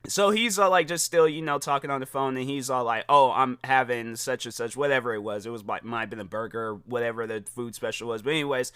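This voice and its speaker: A man hosting a podcast, telling a casual story in an animated way, acting out the dialogue and using lots of filler words. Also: mid-range voice, fast, hardly any pauses, smooth, dry recording, clean studio sound. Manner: animated, acts out quoted dialogue, many "like" fillers. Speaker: podcast host.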